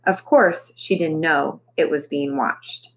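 A woman teacher reading a children's novel aloud with expressive storytelling. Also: deep voice, takes it slowly, low-quality recording.

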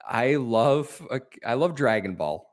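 A man's voice: medium pitch, lively intonation, slow. Blunt, joking man hosting a podcast. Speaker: podcast host. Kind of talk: casual chat.

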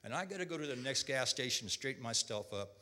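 Man giving a bright, echoing testimony. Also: medium pitch, lively intonation, quick pace. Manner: emotional, repeats words, quotes others in dialogue. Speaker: church testimony speaker. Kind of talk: personal testimony. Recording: long hall reverb.

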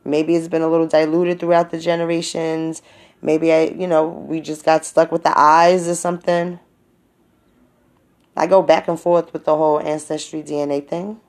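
A woman's voice: low voice, level tone, normal speed, darkish tone. A woman vlogger telling stories in a casual monologue, laughing often, swearing freely and acting out what people said to her.

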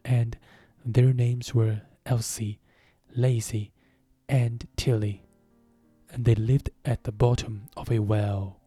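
Brief: sleepy sulky dormouse, hoarse and feeble, read by a man, slow storybook reading. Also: medium pitch, flat delivery, mellow, dry recording, soft background music. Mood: drowsy.

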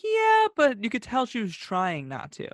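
High-voiced man in casual podcast chat. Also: moderate pace, dry recording. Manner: animated, opinionated storyteller. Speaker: podcast co-host.

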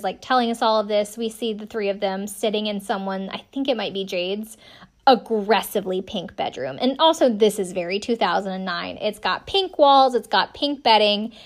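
A chatty woman in her thirties, from South Carolina, hosting a casual podcast recap. Her voice sits fairly high, and she talks in a wry, self-deprecating way, with plenty of "um"s and "like"s. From South Carolina, USA. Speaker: podcast host recapping a TV episode. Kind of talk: casual chat.

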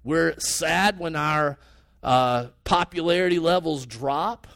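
High-pitched guy preaching a sermon, earnest and chatty, speeds up and jumps in pitch. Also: takes it slowly, a bit bright, no echo. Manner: earnest, conversational preaching with sudden rises in pitch and pace. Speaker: pastor.

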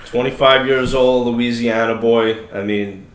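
A man in his thirties co-hosting a podcast, telling stories in a loose, animated way and swearing freely. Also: mid-range voice, a little slow, slight background noise. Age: 30s. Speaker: podcast co-host. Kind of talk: casual chat, storytelling. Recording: echoey room.

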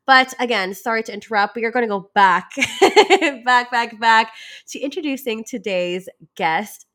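A woman's voice: a little high, normal speed, a bit bright. Congested chatty woman podcast host. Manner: chatty, upbeat, many fillers. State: congested from a cold. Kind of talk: casual podcast intro.

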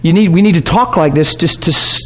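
In a warm classroom or church hall, a male pastor teaches a sermon-style class conversationally, checking in with listeners and often laughing. His voice is a little high and his pace is brisk.

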